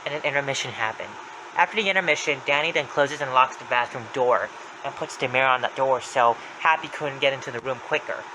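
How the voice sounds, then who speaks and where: A man's voice: medium pitch, a little fast, noisy background. A young man retelling a creepy story in a plain, running recap with small slips. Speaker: narrator.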